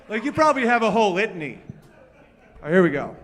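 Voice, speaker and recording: A man doing loud, profane crowd work at a piano, teasing someone in a bar. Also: high-pitched, very animated, quick pace, pauses often. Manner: loud, brash and profane, teasing an audience member. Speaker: comedian at the piano. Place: bar or club room. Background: faint piano.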